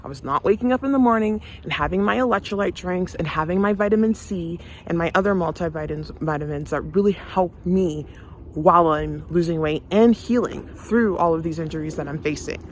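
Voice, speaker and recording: A woman's voice: fairly low pitch, fairly quick, slight background noise. A woman chatting casually for her vlog while walking her dog outdoors, a little out of breath, breaking off to talk to the dog. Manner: chatty, talks to her dog between sentences. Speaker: vlogger.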